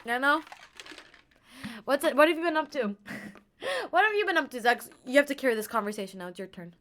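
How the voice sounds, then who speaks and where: A woman's voice: high-pitched, expressive, a little fast, a bit bright, slight background noise. Giggly young woman rambling on stream. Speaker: live streamer. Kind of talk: casual stream chat. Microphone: earbud mic.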